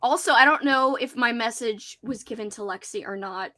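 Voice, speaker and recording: A woman's voice: fairly high pitch, normal speed, bright, forceful tone. A woman hosting a casual livestream hangout, chatty and giggly, reading out viewers' comments. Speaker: host. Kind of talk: casual livestream chat with guests.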